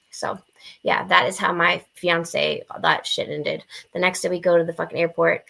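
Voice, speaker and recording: A young adult woman telling a story on a podcast in a blunt, profane, animated way, acting out the quotes. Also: on the low side, normal speed, vocal fry. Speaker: podcast guest. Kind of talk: casual storytelling.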